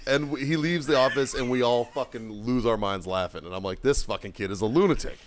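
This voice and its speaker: A man's voice: medium pitch, brisk, a little hiss or hum. A man hosting a podcast, telling a story in a casual, profane way and laughing through it. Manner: swears constantly, laughs through his own story.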